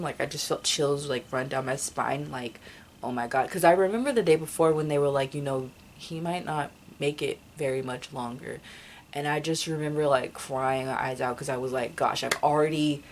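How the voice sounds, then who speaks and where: A woman's voice: a bass voice, a little fast, slight background noise. A young woman telling a personal story in a casual vlog, rambling with many fillers and restarts. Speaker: vlogger.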